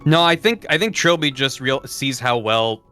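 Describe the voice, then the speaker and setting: A man playing a tabletop game, speaking lively and often in character. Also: medium pitch, normal speed, soft background music. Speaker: player.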